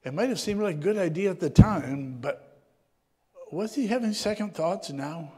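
Man preaching, reflective sermon, high voice, throat clearing, long hall reverb. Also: expressive, moderate pace. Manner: reflective, often clears his throat, voice dropping low and soft at times. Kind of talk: sermon with scripture reading.

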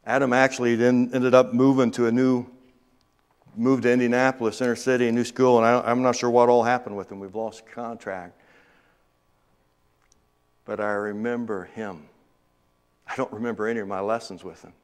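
A man preaching a sermon through a personal story, moving from hushed earnest moments to loud excited retelling. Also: mid-range voice, moderate pace, long pauses, clean tone.

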